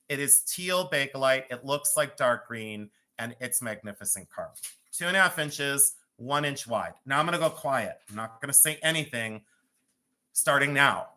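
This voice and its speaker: A man hosting a live jewelry sale, chatty, theatrical and quick to mock himself. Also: mid-range voice, sharp tone. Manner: chatty, self-mocking, theatrical. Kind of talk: live-stream jewelry auction.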